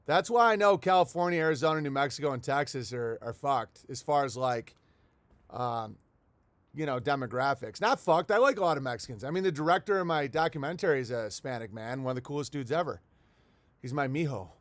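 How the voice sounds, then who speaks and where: A man livestreams casually from his home in the countryside, speaking briskly in a medium-pitched voice with no echo. He rambles and swears while talking to his chat and reading viewer letters aloud.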